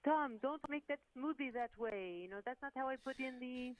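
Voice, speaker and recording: A woman voicing a fussy health-food wife with a put-on Brazilian accent, scolding in a drawn-out way. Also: high-pitched, pitched above the performer's own voice, close to an everyday voice.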